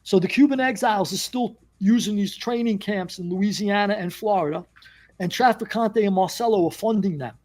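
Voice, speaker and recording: A man with a New York accent recounts a story in a relaxed interview. His voice sits fairly high, and he slips into the voices of the people he quotes. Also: normal speed. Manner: animated storyteller acting out quoted dialogue. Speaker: former mobster guest.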